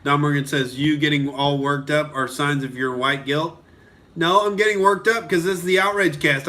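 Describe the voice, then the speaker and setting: A man's voice: fairly high pitch, fairly even intonation, moderate pace, pushed and bright. A young male comedian from Oklahoma ranting on a live stream, heated and profane, reading out and answering viewer comments.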